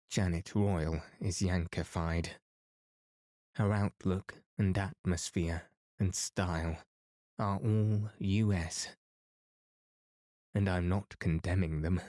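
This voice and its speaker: A cranky, rheumatic old teacher grumbles his advice in a low, flat voice, as a man reading a storybook puts him on. The delivery is slow and gruff. The sound is close and dry. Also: no room sound.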